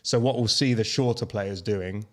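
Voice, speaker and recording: A man hosting a golf podcast with a fairly low voice. He walks through course details in a relaxed, explanatory way. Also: normal speed. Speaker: podcast host. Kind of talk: casual golf podcast chat.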